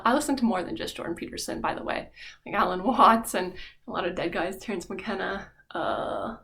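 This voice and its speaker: A woman's voice: medium pitch, gravelly, a bit bright. A young adult woman vlogging, talking in a rambling, candid way with many fillers. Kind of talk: casual reflective monologue.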